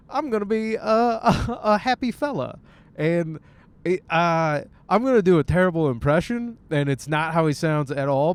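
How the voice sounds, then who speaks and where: A man's voice: medium pitch, smooth. A man in his thirties from Michigan, a stand-up comic hosting a rambling solo podcast, over-caffeinated and tired, casual and swearing, tossing in jokey voiced impressions. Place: in a car.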